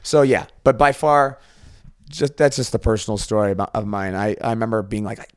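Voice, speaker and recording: A man co-hosting a casual chat about music videos, playful and quick to imitate voices. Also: lowish voice, fairly even intonation, no room sound, studio quality. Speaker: co-host.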